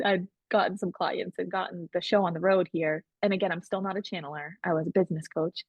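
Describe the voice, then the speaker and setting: A woman with a husky, mid-range voice tells her story as a podcast guest, speaking candidly and animatedly in casual storytelling. She acts out what others said, quoting them in shifting voices, and there's no room sound.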